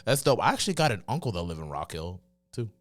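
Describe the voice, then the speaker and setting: A man's voice: lowish voice, very animated, fast, dry recording. A man with a North Carolina Southern accent hosting a podcast interview, chatty, laughing often and filling with lots of "like" and "uh". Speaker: podcast host. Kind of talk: casual interview chat.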